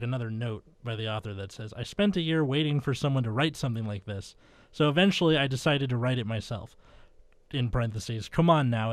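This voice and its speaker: A young man hosting a comedy podcast, reading fan fiction aloud in a deadpan voice, with flustered asides and laughter. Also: medium pitch, dry recording. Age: young adult.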